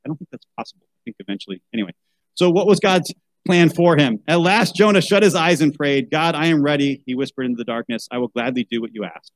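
A man's voice: on the high side, animated, quick pace, no echo, rough recording. A man reading a children's Bible story aloud, breaking off for wry asides and a rant about how such books should be chosen. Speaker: podcast host.

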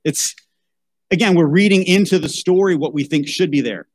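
A man's voice: fairly high pitch, normal speed, slight background noise, low-quality recording. A man reading a children's Bible story aloud, breaking off for wry asides and a rant about how such books should be chosen. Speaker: podcast host.

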